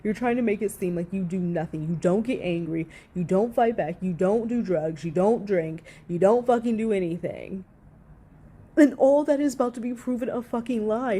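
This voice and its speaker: A woman's voice: fairly high pitch, normal speed, warm tone. A woman giving heated, profanity-laced reaction commentary, sarcastic and indignant as she rants to her viewers.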